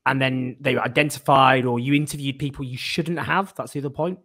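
A man's voice: medium pitch, steady tone, fairly quick, fairly bright tone. A man with a Northern English accent hosting an interview, asking long, rambling, self-deprecating questions. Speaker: host.

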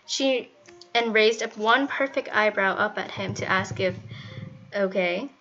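A woman reading fan fiction aloud in a steady storytelling manner. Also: medium pitch, unhurried. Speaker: fanfiction reader. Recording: muffled, faint music behind.

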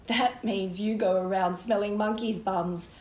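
A woman's voice: medium pitch, steady tone, measured pace, a little mellow, echoey room, a little hiss or hum, natural voice. A woman reading as an eager, cheeky little boy. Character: cheeky young boy, excited and teasing.

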